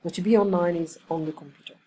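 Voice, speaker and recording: A woman giving a one-on-one English lesson over a video call, patiently explaining and slowly modeling example sentences. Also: lowish voice, steady tone, mellow, slight background noise. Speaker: English teacher.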